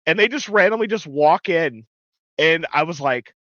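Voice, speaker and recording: A man's voice: medium pitch, quick pace, no room sound, highs cut off. A middle-aged man co-hosting a podcast, telling stories in casual chat, swearing often and acting out the voices of people in his stories. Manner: animated storyteller, swears a lot, acts out voices. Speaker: podcast co-host.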